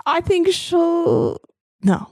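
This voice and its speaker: A woman's voice: very high-pitched, wildly swooping pitch, very slow, gravelly, darkish tone, dry recording, studio quality. A woman playing in a tabletop game, describing her character's moves casually. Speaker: player.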